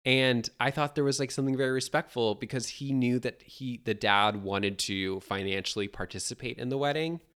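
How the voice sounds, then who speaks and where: A woman's voice: a bass voice, brisk, hardly any pauses, a bit bright. A woman in casual conversation about a movie, talking animatedly and acting out characters' lines.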